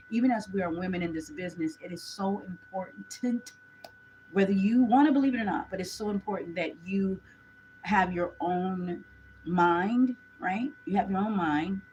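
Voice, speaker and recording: A woman's voice: lowish voice, darkish tone, slight background noise, rough recording. A woman gives a chatty live tarot reading, talking straight to her viewers. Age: 40s. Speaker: tarot reader.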